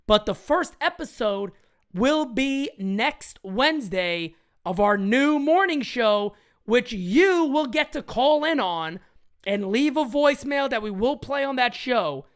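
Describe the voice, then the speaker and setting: A woman hosting a live-stream sports chat show, talking in an animated, emphatic way and greeting her chatters. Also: fairly high pitch, slow. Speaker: sports talk show host.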